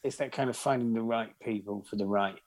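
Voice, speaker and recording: A man's voice: on the low side, fairly quick. A man co-hosting a podcast, chatting casually about music in a rambling, hesitant way. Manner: rambling, hesitant, lots of fillers. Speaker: podcast co-host.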